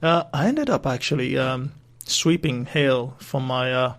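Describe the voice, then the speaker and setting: A man hosts a solo podcast in a loose, rambling chat, swearing freely and drifting between topics. His voice is gravelly, with a mid pitch for a man. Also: a little slow, a bit bright. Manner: rambling, chatty, swears and laughs easily. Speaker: podcast host.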